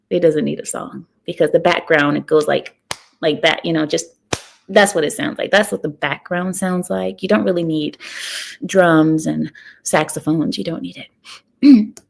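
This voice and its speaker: A woman hosting a livestream who chats casually with her viewers and jokes in a sarcastic, deadpan, provocative way. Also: on the low side, gravelly. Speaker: livestream host.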